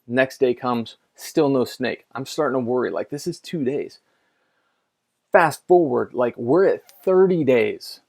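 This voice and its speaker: A man's voice: mid-range voice, lively intonation, unhurried, vocal fry, darkish tone. A middle-aged man, a pastor, telling a story in a casual conversational sermon, chatty with lots of fillers and restarts.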